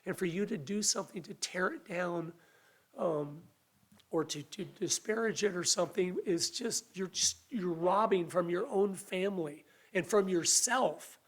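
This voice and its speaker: A man's voice: sits high, a little slow. A man preaching a sermon in an earnest, conversational way, his voice a little weak. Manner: earnest, conversational preaching with restarts and acted quotes.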